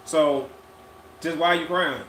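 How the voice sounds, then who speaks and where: A man's voice: on the high side, slow, fairly bright tone, a little hiss or hum. A laid-back man chats casually on a live podcast stream, drawing out his words and circling back over his own phrases. The recording is echoey, with faint ambience behind him. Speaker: podcast co-host.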